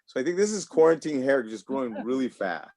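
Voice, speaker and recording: A stand-up comedian from Los Angeles performs a loose, rambling set over a video call through a home computer mic, frequently laughing at his own jokes. His medium-pitched voice is sing-song and fairly quick.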